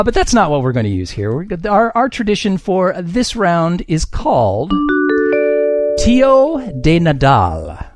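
A man hosting a comedy quiz game on a podcast, reading scores and answers with a wry, self-mocking manner. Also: fairly high pitch.

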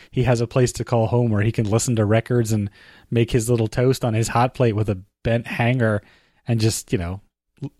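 A man's voice: medium pitch, mellow, no room sound, studio quality. A man chatting about films with a friend, opinionated and laughing often. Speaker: podcast co-host. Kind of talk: casual film discussion.

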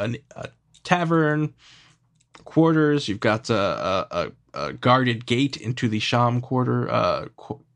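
Male game master, halting, animated delivery. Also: mid-range voice, gravelly. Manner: hesitant, many fillers. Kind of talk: narrating a tabletop game.

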